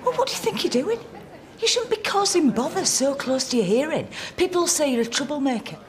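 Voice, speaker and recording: A woman's voice: on the low side, lively intonation, normal speed. An actress playing a woman who pleads earnestly with her husband in prison. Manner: earnest, pleading, often hushed.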